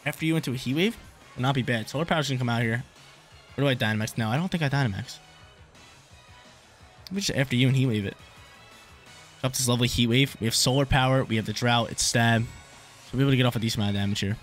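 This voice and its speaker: With game music behind him, a young man who runs a gaming YouTube channel narrates his own play, thinking aloud in slangy, casual speech and frequently repeating himself. He talks fast at a medium pitch but pauses often.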